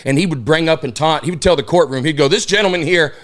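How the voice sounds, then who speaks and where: A man's voice: fairly high pitch, quick pace. A man from Alabama, telling a self-deprecating story as a podcast guest, rambling with lots of restarts. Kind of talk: casual storytelling chat.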